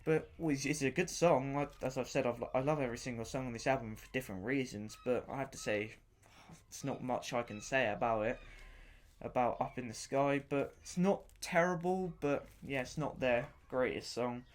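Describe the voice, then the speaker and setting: A man's voice: mid-range voice, normal speed. A man hosting his own podcast and reviewing an album in casual unscripted talk. He rambles enthusiastically, often repeating himself and stopping to search for words.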